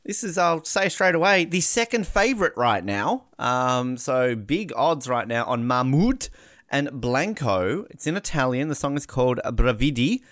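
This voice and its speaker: A man's voice: medium pitch, very animated, a little slow, fairly bright tone. Chatty rambling male podcast host. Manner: rambling and jokey, many fillers. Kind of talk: casual panel chat.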